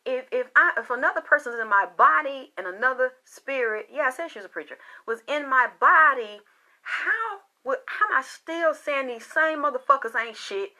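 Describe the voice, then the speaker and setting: A woman's voice: sits high, pushed and bright. A woman working as a spiritual reader, talking in a casual, impassioned monologue that is rambling and full of swearing.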